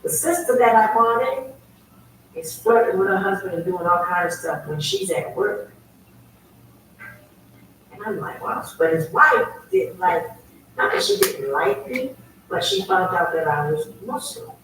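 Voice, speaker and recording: A woman telling a personal story as a guest, emphatic and animated. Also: mid-range voice, measured pace. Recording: very echoey, distant, faint ambient noise.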